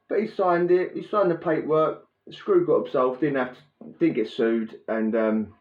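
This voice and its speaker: A man telling a prison story in a casual, animated way, laughing and acting out the scene with sound effects. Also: mid-range voice, normal speed. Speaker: podcast host telling prison stories. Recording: roomy, dull lo-fi sound.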